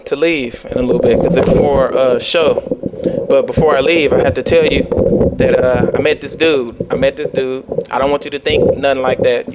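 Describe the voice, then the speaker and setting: A young adult man performing a stand-up comedy set, telling animated stories and jumping into high squeals when he acts out panic.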